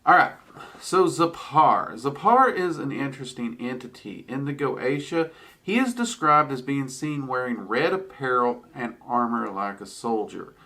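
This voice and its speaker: A man's voice: mid-range voice, expressive, measured pace, bright, forceful tone. A man teaching about occult spirits in a casual, chatty way, with frequent ums and wry asides. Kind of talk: casual explanatory talk.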